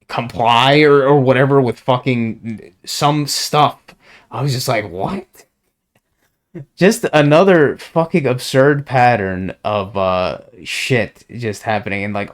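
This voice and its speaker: A young man with a profane, meandering way of talking, stopping and restarting often in a casual solo monologue. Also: medium pitch. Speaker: solo podcaster. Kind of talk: rambling monologue.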